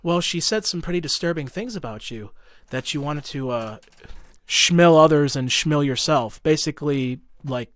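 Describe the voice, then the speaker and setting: A man's voice: a little high, expressive, moderate pace, fairly bright tone, no echo. Young man telling a heated story. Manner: profane, heated, full of fillers. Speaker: podcast guest. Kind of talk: casual storytelling.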